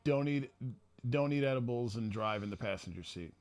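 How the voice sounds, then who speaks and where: Man, podcast co-host, laid-back casual chat, lively pitch. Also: normal speed. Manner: laid-back, swears casually, says "yeah" a lot.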